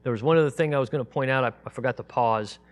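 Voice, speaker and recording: A man teaching a Bible study, reading scripture aloud slowly and emphatically, then explaining it in a casual, conversational way. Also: medium pitch. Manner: reads scripture aloud in a raised, slow, emphatic voice.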